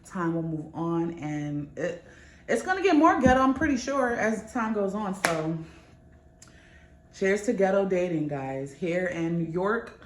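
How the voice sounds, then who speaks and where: Young woman, casual vlog chat, lively swooping pitch, candid and profane, roomy echo. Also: unhurried, a little hiss or hum. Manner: candid, swearing, animated storytelling. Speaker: vlogger. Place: New York.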